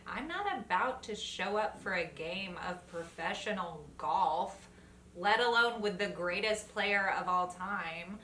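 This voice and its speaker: A woman co-hosts a comic news show, landing dry punchlines after each item. Her voice is bright and picked up from a distance in an echoey room with faint noise. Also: mid-range voice. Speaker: news co-host.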